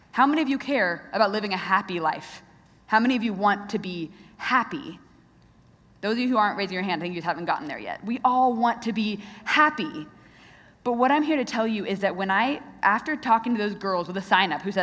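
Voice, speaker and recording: A woman's voice: on the high side, expressive, a little fast, fairly bright tone. A young woman giving an earnest talk to a youth audience, speaking directly and often asking the crowd questions. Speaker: Christian speaker. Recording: long reverb of a large hall.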